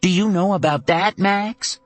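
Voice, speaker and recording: A fiery, blunt woman of an audiobook drama, put on by a male narrator, raised well above his own pitch. She scolds in fast, cutting bursts, and the recording is close and dry with no room sound. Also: lively intonation, a little mellow, slightly rough, dry recording, faint music behind. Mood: furious. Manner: mocking then furious, rapid scolding. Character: fierce blunt woman who survived a hard injury, fiery. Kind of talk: audiobook character voice.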